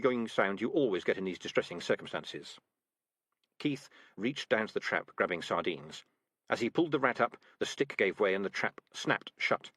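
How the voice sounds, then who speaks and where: Lively male audiobook narrator, dry sound. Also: medium pitch, dry recording. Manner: lively storytelling. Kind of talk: scripted narration.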